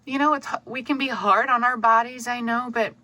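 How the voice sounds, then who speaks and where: A woman giving an intuitive tarot reading to camera, earnest and soft-spoken, with many pauses and fillers. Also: fairly high pitch, steady tone. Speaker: tarot reader.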